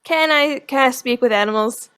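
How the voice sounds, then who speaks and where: A woman's voice: high-pitched, normal speed, fairly bright tone, clear, resonant tone. A woman playing a tabletop game, talking casually and hesitantly with frequent laughs. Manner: hesitant, laughing, stumbling restarts. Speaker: player.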